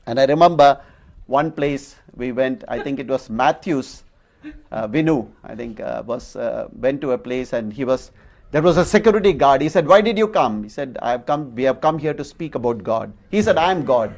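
A man's voice: mid-range voice, lively intonation, moderate pace, vocal fry, a little mellow. A man, a pastor preaching a sermon and telling stories with chuckles at his own anecdotes.

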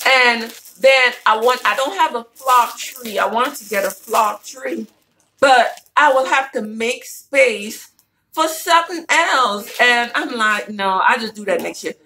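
Slow-talking bright-voiced woman vlogger. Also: on the high side, slight background noise, low-quality recording. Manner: chatty, playful, talks straight to viewers. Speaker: lifestyle vlogger showing a shopping haul. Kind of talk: casual haul chat.

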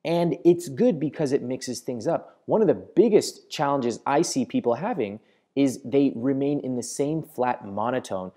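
A man teaching to camera in a studio, with a mellow, warm tone. His pitch moves a lot as he talks, and he keeps his delivery expressive and deliberate. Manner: expressive, varied intonation, deliberate slowing. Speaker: host. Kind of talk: instructional talk to camera.

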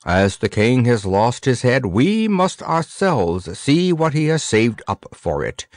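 A man's voice: mid-range voice, sing-song, slow pace, no room sound, studio quality. Pudge, a pompous old wise man, as a man reads him. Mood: solemn. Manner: solemn, self-important pronouncements.

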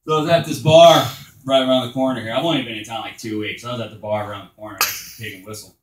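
A man doing crude open-mic stand-up at a bar, telling stories loosely and shouting his punchlines. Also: mid-range voice, steady tone, very fast, roomy sound, background noise. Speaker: stand-up comedian. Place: small bar stage.

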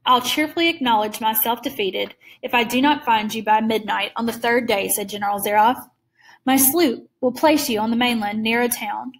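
A woman's voice: a little high, moderate pace, lightly acted. Woman doing a courtly menacing old general. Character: suave menacing older male general, courtly host.

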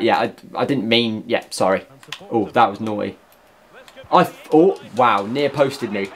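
A young man giving excitable, jokey live commentary over a football video game, often bursting into shouts. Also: mid-range voice, moderate pace. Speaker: gaming YouTuber.

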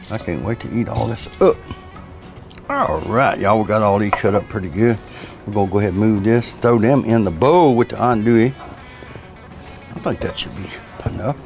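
A man's voice: fairly low pitch, a little mellow. A man with a Cajun Louisiana accent chatting folksily through a cooking demo outdoors at a pizza oven. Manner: folksy, chatty, says y'all a lot. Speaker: cook.

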